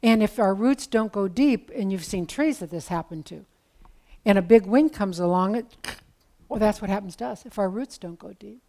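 Woman giving a sermon, chatty storytelling, easy asides, mid-pitched voice. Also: moderate pace, dark tone. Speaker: preacher.

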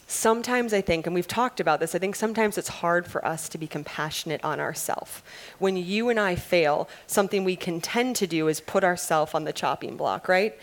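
A woman delivering an earnest devotional sermon to women, slowing and softening her voice for emphasis. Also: lowish voice. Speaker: women's ministry speaker.

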